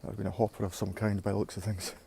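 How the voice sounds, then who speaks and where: A man's voice: lowish voice, flat delivery, rapid-fire, gravelly, mellow, slight background noise. A man vlogging a casual walking tour outdoors, slightly out of breath and talking to his viewers. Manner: casual, rambling, talks to viewers as guys. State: a bit out of breath. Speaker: urban explorer vlogger. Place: outdoors at an abandoned brickworks.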